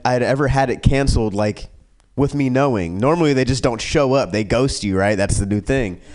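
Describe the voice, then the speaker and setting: Rambling, lively comic man telling stories. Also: mid-range voice. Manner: crude, rambling, lots of ums and mimicked voices. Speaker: comedian podcast guest. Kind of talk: casual storytelling.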